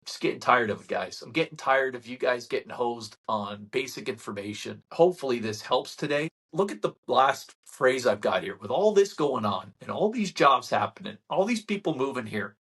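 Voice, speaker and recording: Husky-voiced man ranting to camera. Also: mid-range voice, moderate pace, hardly any pauses. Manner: animated ranting, sarcastic mock quotes. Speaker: real estate channel host. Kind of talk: casual market-update talk to camera.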